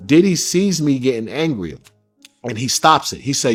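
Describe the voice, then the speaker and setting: A man giving an interview, recounting a personal story in a candid, casual way with slang, getting animated when he quotes others. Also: medium pitch, brisk, soft background music.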